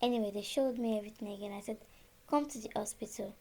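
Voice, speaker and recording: Speaking quickly in a slightly high voice, a woman from Nigeria, probably in her thirties, tells the personal story of her birth experience in a casual way. She's animated, reenacting the conversations she had through quoted lines.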